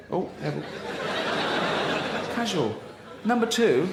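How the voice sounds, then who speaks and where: Stand-up comic, mocking and sweary, a touch high, live room with audience noise. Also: male voice, very animated, slow pace, long pauses. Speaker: stand-up comedian. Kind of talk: stand-up routine. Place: theatre stage, live audience. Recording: echoey venue with crowd noise.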